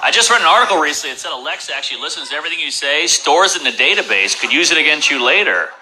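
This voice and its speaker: A man performing a stand-up comedy set with deadpan dark one-liners and questions to the crowd, on a club stage. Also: on the high side, very fast, poor audio. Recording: loud background noise.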